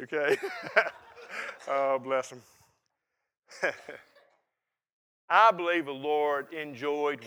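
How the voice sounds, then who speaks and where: Older male preacher, folksy and emphatic, bright tone, a touch high. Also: smooth. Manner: folksy and emphatic, swings from quiet to loud and laughing. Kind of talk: sermon.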